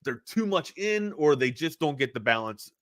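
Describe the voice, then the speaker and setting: A man with a slight Baltimore accent co-hosting a sports talk show, talking in a rambling, animated way as he breaks down games. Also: a little high, normal speed, no echo, clean studio sound. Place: studio.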